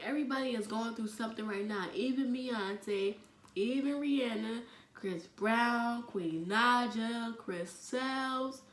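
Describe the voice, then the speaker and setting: A young woman from the telling a personal story in a halting way, full of fillers, often sinking almost to a whisper. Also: fairly high pitch, distant mic. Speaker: vlogger. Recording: echoey room with faint ambient noise.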